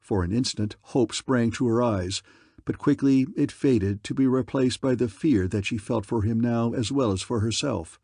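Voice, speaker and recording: Husky male audiobook narrator. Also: mid-range voice, normal speed, mellow, dry recording, clean studio sound.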